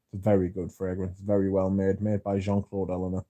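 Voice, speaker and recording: Guy on a livestream reading out chat, deadpan and sardonic, warm low-key voice, no room echo. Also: a little fast, muffled recording. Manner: dry, sardonic banter with chat. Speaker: livestream host. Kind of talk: casual livestream chat, reading viewer comments aloud.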